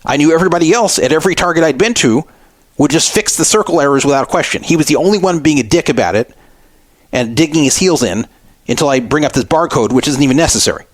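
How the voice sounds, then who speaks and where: A man's voice: a little high, animated, fast, no echo. Aggrieved middle-aged man telling a story. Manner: aggrieved, re-enacting arguments. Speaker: radio show host. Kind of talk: storytelling monologue.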